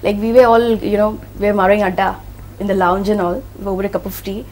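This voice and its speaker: A woman's voice: medium pitch, fairly even intonation, fast talker, a little mellow. A woman radio jockey, chatting casually and spontaneously in an interview, full of fillers.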